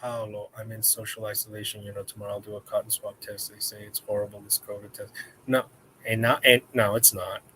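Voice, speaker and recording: A man's voice: lowish voice, flat delivery, fairly quick, sharp tone, a little hiss or hum. A man hosting a casual live-stream chat, rambling and joking with viewers. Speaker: host.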